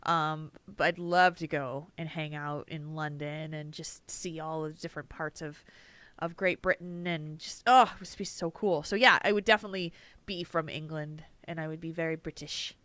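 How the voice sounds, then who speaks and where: A woman's voice: deep voice, fairly even intonation, normal speed, fairly bright tone, dry recording. A woman co-hosting a podcast in casual chat, talkative and often laughing as she trails off. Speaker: podcast co-host.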